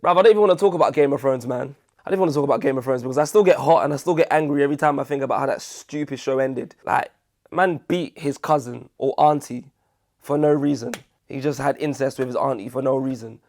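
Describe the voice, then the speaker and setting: A man's voice: medium pitch, fast, darkish tone. A man hosting a casual commentary video, jokey and self-deprecating, full of chatty asides. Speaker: video essay host.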